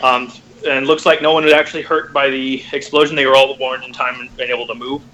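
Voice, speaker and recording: A man narrating a tabletop game as game master, halting with many fillers and restarts. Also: medium pitch, little pitch movement, sharp tone, a little hiss or hum, poor audio.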